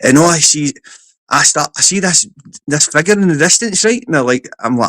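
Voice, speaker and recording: A man's voice: fairly high pitch, a little fast, no echo. A Scottish man hosting a livestream, chatting casually and telling stories with lots of swearing. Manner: sweary, animated storytelling. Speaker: livestream host. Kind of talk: casual stream chat.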